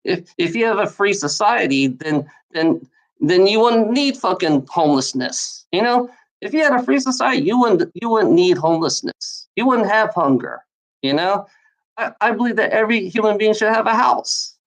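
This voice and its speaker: A woman's voice: mid-range voice, lively intonation, moderate pace. A woman in a heated, repetitive monologue, swearing often and speaking straight at someone as she rants. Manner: profane, repetitive, heated, addresses someone directly. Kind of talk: angry ranting monologue.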